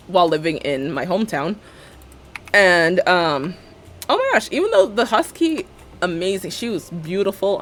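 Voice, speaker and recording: Laughing, rambling woman streamer. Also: fairly low pitch. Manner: rambling, laughs often, joking. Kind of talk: casual live-stream chat while building in a game.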